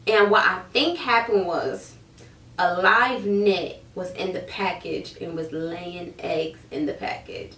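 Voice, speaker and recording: A woman in her thirties telling a story to camera in a casual, animated way, acting out her own reactions. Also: on the low side, takes it slowly. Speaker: hair seller vlogger. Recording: roomy, mic at a distance.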